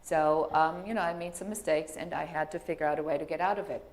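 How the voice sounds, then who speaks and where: A middle-aged woman with a low voice talks about her own life. She tells it in a chatty, anecdotal way, with plenty of fillers. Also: steady tone, fast talker. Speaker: speaker in a clip. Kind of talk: storytelling talk.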